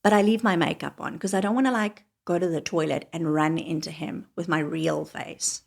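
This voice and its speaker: A woman telling a wry, confessional personal story, often dropping into hushed whispered asides. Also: low-pitched, steady tone, moderate pace, creaky.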